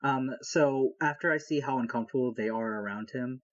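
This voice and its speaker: A man's voice: medium pitch, fairly quick, muffled recording. A man playing a tabletop game, casual and eager. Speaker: player. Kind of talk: casual play.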